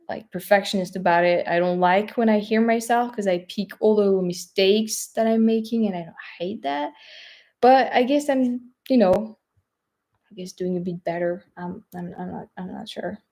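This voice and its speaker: A woman's voice: mid-range voice, moderate pace. A young woman with a French accent, chatting casually on a live stream, with a hesitant manner and lots of fillers. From France. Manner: hesitant, many fillers, soft trailing asides. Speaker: travel vlogger. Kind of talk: live stream chat reading viewer questions.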